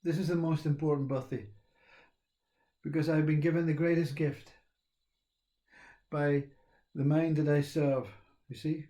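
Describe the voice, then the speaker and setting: A man, talking in a rambling, reflective monologue, laughing often and halting with fillers. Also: on the high side, steady tone, warm tone. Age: 60s.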